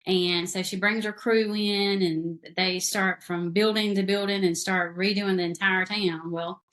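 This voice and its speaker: A woman's voice: mid-range voice, fairly even intonation, unhurried, a bit bright. Rambling South Carolina woman author. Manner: rambling, with many fillers. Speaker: author guest. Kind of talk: casual interview chat.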